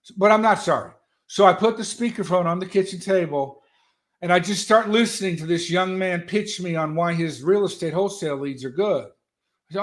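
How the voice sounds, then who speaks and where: A man telling stories as a guest in an animated, folksy, loud way. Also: sits high, moderate pace. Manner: animated, folksy storyteller who talks loud. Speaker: guest, political strategist. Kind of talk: casual motivational talk.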